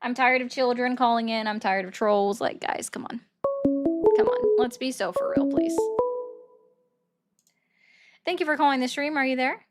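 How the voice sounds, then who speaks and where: A woman's voice: a little high, brisk, hardly any pauses, loud music behind the voice. A woman hosting a live call-in stream about politics, talking to callers in a sarcastic, mock-innocent way. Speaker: stream host.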